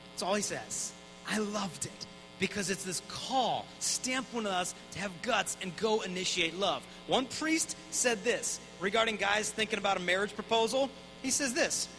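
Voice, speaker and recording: A man in his thirties speaks to a conference crowd with a high, bright voice. He talks quickly and casually and acts out the people in his stories. Soft music plays faintly behind him. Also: low-quality recording. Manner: energetic, conversational, mimics voices in anecdotes. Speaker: Catholic speaker. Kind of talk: live conference talk. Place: conference hall.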